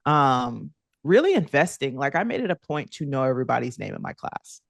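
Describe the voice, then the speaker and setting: Podcast guest, woman, 30s, expressive storyteller who does voices for the people she quotes; dry, close sound. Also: brisk, gravelly, no room sound. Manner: animated, acts out quoted kids in higher voices, laughs often. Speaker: podcast guest, former athlete. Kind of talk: conversational storytelling interview.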